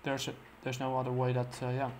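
Hesitant man recapping a comic, monotone. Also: mid-range voice, slight background noise. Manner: halting, full of "uh" fillers and restarts. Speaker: comic book reviewer. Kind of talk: casual plot recap.

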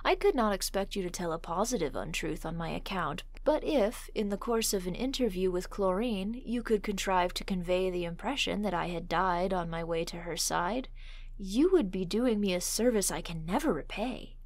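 A woman's voice: fairly low pitch, moderate pace, a little mellow, natural voice. A woman voicing a petulant, timid young male suitor in a storybook reading, pleading and fussy.

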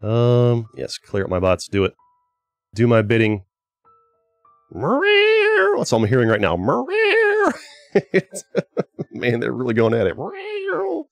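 A man's voice: on the low side, steady tone, normal speed, a little mellow, no room sound, soft background music. A man hosting a gaming channel, giving casual gameplay commentary in a chatty way, with exasperated outbursts at his teammates. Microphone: desk microphone.

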